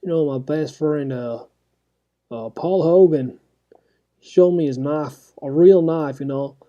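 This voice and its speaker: A man's voice: on the high side, slow pace, dark tone, lo-fi sound. A man putting on a joking Australian accent, bragging playfully. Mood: hammy. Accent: put-on Australian. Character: jokey put-on Australian man, boastful.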